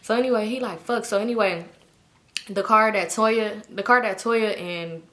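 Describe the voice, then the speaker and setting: A woman, telling a story in a casual vlog and acting out everyone's lines with big jumps in her voice. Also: moderate pace. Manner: animated, acts out quotes with big pitch jumps. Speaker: storytime vlogger.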